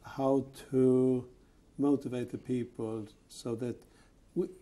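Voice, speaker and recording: A man interviewing a colleague, often pausing to rephrase with "I mean". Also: medium pitch, level tone, warm tone. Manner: searching phrasing, frequent "I mean". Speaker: interviewer, retail executive. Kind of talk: conversational interview.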